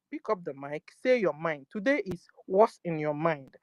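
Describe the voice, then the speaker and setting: Woman, live audio chat host, forceful, middling pitch, dull lo-fi sound, dry. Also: animated, a little fast, few pauses, no echo. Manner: forceful, repeats "you understand?". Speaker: host of an online audio space.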